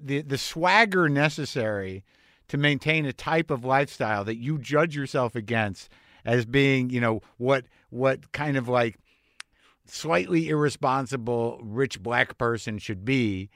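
A man's voice: medium pitch, a little slow, a bit bright, dry recording, studio quality. A man hosting a casual interview, asking rambling questions full of restarts. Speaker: podcast host.

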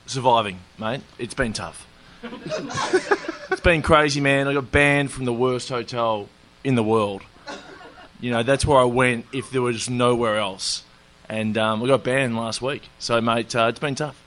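A man's voice: mid-range voice, fairly even intonation, measured pace, fairly bright tone. Laid-back Australian man telling a story. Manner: laid-back, laughing, self-mocking anecdotes. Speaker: comedian guest telling a story. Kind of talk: casual storytelling chat.

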